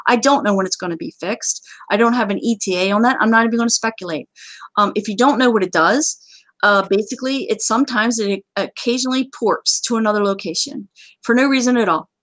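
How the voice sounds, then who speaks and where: A woman's voice: on the high side, fairly quick, a bit bright, dry recording. A woman hosting a casual gaming chat, talking in a chatty, joking way with sudden exclamations. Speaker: game community host.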